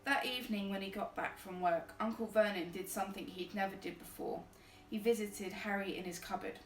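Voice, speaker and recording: A woman streamer reading a storybook aloud in a relaxed way, with chatty, easygoing asides. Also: medium pitch, fairly quick. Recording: roomy distant mic with faint music.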